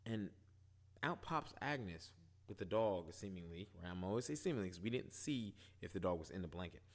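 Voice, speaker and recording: A man casually recapping and reviewing a TV episode, animated, asking "right?" often. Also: low voice, moderate pace. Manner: animated, retells scenes, quotes characters, frequent "right?". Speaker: show reviewer.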